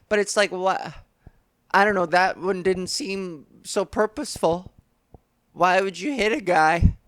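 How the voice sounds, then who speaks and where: A woman's voice: medium pitch, dry recording. A woman hosting a comedy podcast, rambling through a story with crude jokes and asides. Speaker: podcast host.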